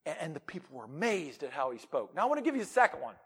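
A man preaches a sermon with a high-pitched voice, rising to loud, emphatic peaks and then dropping into quiet asides. His words ring out with a long reverb, as in a large hall. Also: big pitch swings, very fast, slightly rough. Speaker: pastor.

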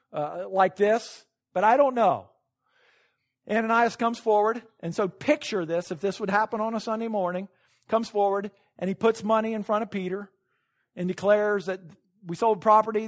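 A male pastor preaching a sermon in a church, retelling a story with sudden loud peaks, hushed asides and laughs at his own points. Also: high voice.

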